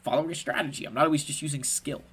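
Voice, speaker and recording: A gaming content creator explains a strategy game in casual, passionate commentary, speaking very fast in a fairly high, husky voice. He's emphatic and animated, often tacking on "right?" and laughing at himself.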